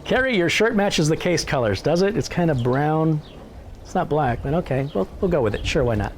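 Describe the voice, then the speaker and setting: A man's voice: fairly high pitch, lively intonation, normal speed, slight background noise. A man hosting a live stream in a casual, chatty way, reading viewer messages aloud and joking at his own expense. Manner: self-deprecating joking.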